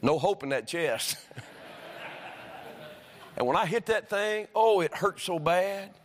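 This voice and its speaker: High-voiced preacher in a ringing church. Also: male voice, animated, slow pace, slight background noise. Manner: folksy storytelling building to fervent preaching. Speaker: pastor. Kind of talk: sermon. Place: church sanctuary. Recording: long reverb of a church hall.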